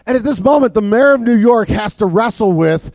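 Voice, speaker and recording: A man with a high-pitched voice delivers a sermon from the pulpit, chatty and full of fillers and restarts. He sometimes drops to a soft, low voice for emphasis. The sound is dry and close. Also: expressive, brisk, no echo. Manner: conversational preaching with many fillers and restarts. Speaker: pastor.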